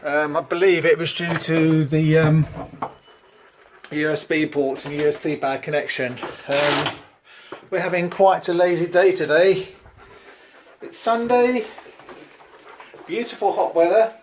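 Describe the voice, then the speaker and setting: A woman's voice: deep voice, steady tone, measured pace, long pauses, noisy background. A woman vlogging outdoors in the woods, chatting casually and coaxing her dogs in a sing-song pet-talk voice. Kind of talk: casual vlog chat.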